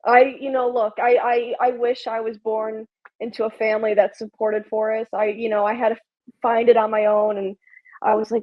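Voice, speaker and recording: A woman's voice: on the high side, normal speed, muffled recording. A young woman from Chicago, a podcast guest, talking eagerly and filling her speech with ums and likes. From Chicago, USA. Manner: excitable, lots of fillers and restarts. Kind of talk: casual interview chat.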